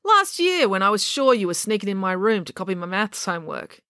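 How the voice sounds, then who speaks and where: A woman's voice: mid-range voice, sing-song, fairly quick, bright, forceful tone, slight background noise, pitched above the performer's own voice. A woman voicing a self-absorbed, bossy young girl who talks bluntly and impatiently.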